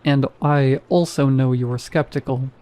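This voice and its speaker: A man voicing an apathetic male night security guard who speaks in a flat, bored monotone. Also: medium pitch, unhurried, close to an everyday voice.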